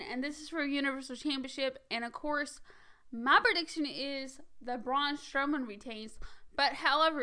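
Bright, high-voiced woman podcast host. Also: clean tone. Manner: hurried, chatty, full of fillers and laughs. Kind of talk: casual wrestling predictions chat.

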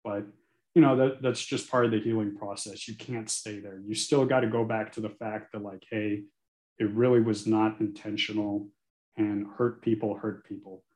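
A man's voice: fairly low pitch, moderate pace. A man in his forties, a guest speaking frankly and earnestly in an interview. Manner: earnest, frank and animated, sometimes cursing. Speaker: guest, attorney. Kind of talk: candid podcast interview. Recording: echoey room.

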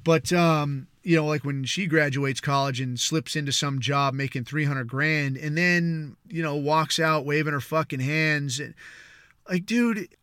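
Man, podcast host, casual rant, bright tense voice, fairly high, heavy swearing, rambling. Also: clean tone, dry recording, clean studio sound. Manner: profane, rambling, peppered with "dude" and "man"; acts out others in quick mocking asides.

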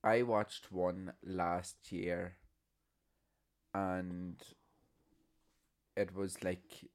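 Blunt, sweary man, lowish voice. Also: flat delivery, very slow. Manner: blunt, heavy swearing, storytelling. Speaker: podcast co-host. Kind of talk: casual chat.

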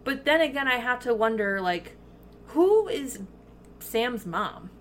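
A woman co-hosting a podcast in casual chat, talking in an animated way with lots of fillers and swearing, eating while she records. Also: high-pitched, moderate pace, slight background noise. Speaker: podcast co-host.

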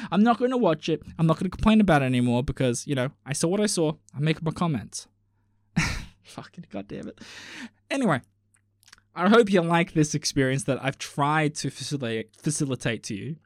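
A man's voice: fairly high pitch, big pitch swings, a little fast, no echo, clean studio sound. Rambling, swearing man on a solo podcast. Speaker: podcast host. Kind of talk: casual solo podcast rant.

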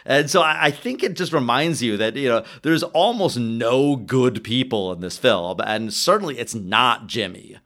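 A man in casual film-discussion chat, animated, acting out characters' lines as he talks. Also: moderate pace, few pauses. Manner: animated, swings pitch, acts out quotes.

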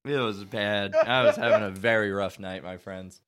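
A man's voice: lowish voice, normal speed, a bit bright, clean tone. A young man chatting casually as a podcast co-host, telling a loose, slangy story and laughing often. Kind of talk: casual chat.

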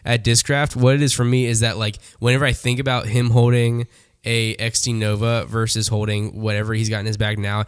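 A young man co-hosts a podcast and talks in a rambling, playful way, searching for his words. His voice sits at an ordinary male pitch and is recorded dry, with no room sound. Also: level tone, brisk, smooth, no room sound. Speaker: podcast co-host. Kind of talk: casual chat.

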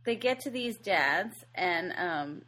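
Animated woman recapping a movie. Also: fairly low pitch. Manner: animated retelling with quick asides. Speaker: podcast co-host. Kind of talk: casual movie recap chat.

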